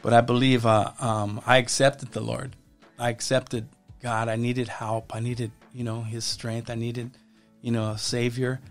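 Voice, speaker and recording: A man speaking as a podcast guest, telling his life story in a halting way and often repeating his words. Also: medium pitch, level tone, faint music behind. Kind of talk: personal testimony in casual conversation.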